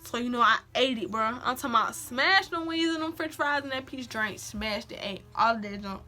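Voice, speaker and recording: A woman's voice: a little high, fairly quick, faint music behind. A young woman telling a personal story in a casual, slangy vlog, acting out quotes. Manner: animated, slangy, acts out quotes. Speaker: vlogger.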